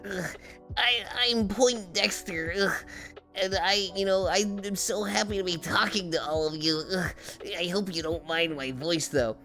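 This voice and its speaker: Woman doing a nasal, meek nerd guy, pitched up, groaning and apologetic. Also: unhurried, fairly bright tone, faint music behind. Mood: mock nerdy. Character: nasal nerdy young man, meek and apologetic.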